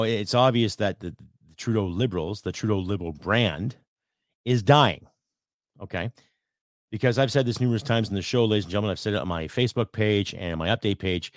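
A man's voice: lowish voice, dry recording, studio quality. A man hosting a political podcast, ranting heatedly with rhetorical questions and some swearing. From Canada. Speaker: podcast host.

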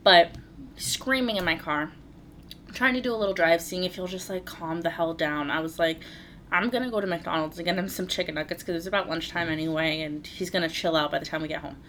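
A woman's voice: on the low side, a little fast, a bit bright, slight background noise. A woman in her thirties, co-hosting a podcast, telling a story in casual chat with laughs and swearing. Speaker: podcast co-host.

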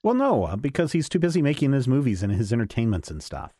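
A man's voice: medium pitch, sing-song, fast talker, dark tone, no room sound, studio quality. A man co-hosting a casual comic-book podcast, joking and breaking into silly voices. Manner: jokey, slips into silly voices. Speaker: podcast co-host.

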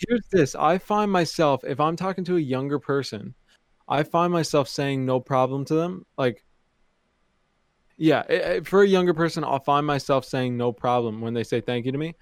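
A man's voice: on the high side, normal speed, no room sound, clean studio sound. A young man co-hosting a podcast, chatting casually and telling anecdotes while repeating phrases as he thinks. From Canada. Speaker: podcast co-host. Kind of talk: casual chat.

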